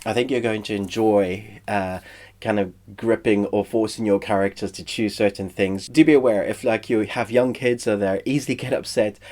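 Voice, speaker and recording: A man's voice: lowish voice, normal speed. Man with a stuffy, congested voice. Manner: chatty, relaxed, uses fillers. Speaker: film and TV reviewer. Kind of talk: casual spoken review.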